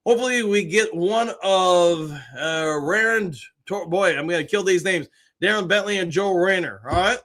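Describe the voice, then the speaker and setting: A man hosting a fan live stream, chatting casually and reading viewer comments aloud with greetings and quick replies. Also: sits high, sharp tone.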